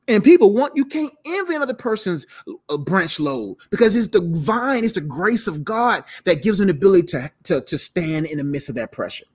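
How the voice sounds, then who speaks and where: A man's voice: sits high, breathy edge. A tired man teaching the Bible live in a casual, slangy way, repeating words as he goes. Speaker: preacher streaming live.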